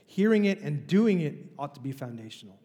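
A man's voice: a little high, sing-song, brisk, warm tone, big-room sound. A male pastor preaching a sermon in a conversational, emphatic way, with rhetorical questions. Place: church.

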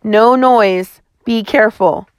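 A woman voicing an older male colonel who gives steady, clipped commands in an audiobook reading. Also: on the high side, slow, clear, resonant tone, no echo. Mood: commanding.

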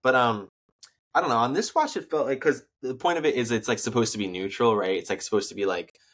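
A man's voice: medium pitch, fast talker, fairly bright tone. A young man co-hosting a podcast, giving a laid-back, loosely phrased movie review. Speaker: podcast co-host. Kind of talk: casual movie review chat.

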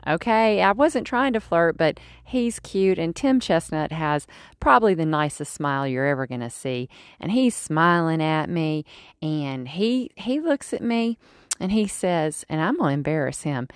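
A woman in her forties hosting a podcast, telling a personal story in a chatty, animated way with fillers and restarts. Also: on the low side, clean tone, dry recording, studio quality. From United States. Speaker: podcast host. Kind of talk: casual storytelling monologue.

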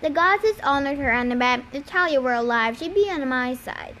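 A smooth-talking, scheming young villain from a storybook, calm and persuasive, as read by a woman in a high voice. There is little change from the reader's own tone, and a faint background hiss sits under it. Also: brisk.

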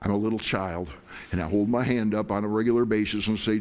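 A man's voice: lowish voice, steady tone, fast talker, a little mellow. A middle-aged man preaching a sermon as pastor, impassioned, acting out prayers and God's replies.

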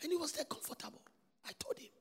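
A man with a Ghanaian English accent preaching a sermon as a prophet to his congregation. He swings from shouted declarations to hushed asides. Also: fast, a little hiss or hum. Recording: long hall reverb.

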